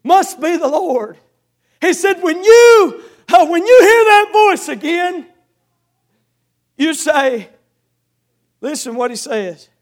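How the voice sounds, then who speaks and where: A man preaching a sermon, swinging between shouted exhortation and quiet storytelling with old-fashioned scripture reading. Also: very high voice, slow, long pauses.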